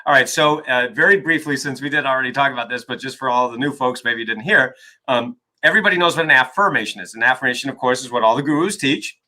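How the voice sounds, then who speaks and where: A man's voice: medium pitch, quick pace, bright, forceful tone, poor audio. A man being interviewed as an author and coach, talking emphatically and often checking in with "right?". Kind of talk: energetic interview talk.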